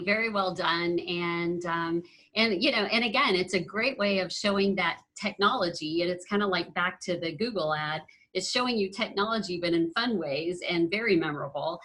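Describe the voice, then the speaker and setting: A woman's voice: on the low side, normal speed, sharp tone, low-quality recording. A woman guest on a panel discussion, talking about marketing in a chatty way and often repeating her points.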